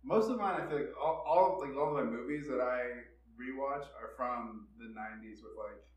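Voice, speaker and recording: A man co-hosting a casual podcast, rambling through relaxed anecdotes. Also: medium pitch, normal speed, recorded from a distance, a little hiss or hum. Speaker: podcast co-host. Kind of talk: casual chat. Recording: roomy, from off-mic.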